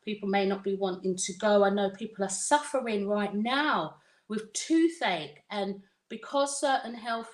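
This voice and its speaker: A woman speaks slowly and deliberately, leaning on repeated words to make her point. Her voice sits at an ordinary pitch, and the room around her adds a noticeable echo. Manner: unhurried, emphatic repetition. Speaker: coach. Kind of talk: advice talk to parents. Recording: roomy echo.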